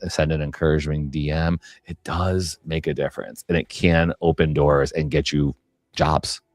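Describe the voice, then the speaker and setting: A man's voice: extremely low pitch, level tone, normal speed, dry recording, clean studio sound. A man hosting a podcast, talking in an affirming, reflective way in a casual conversation. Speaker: podcast host.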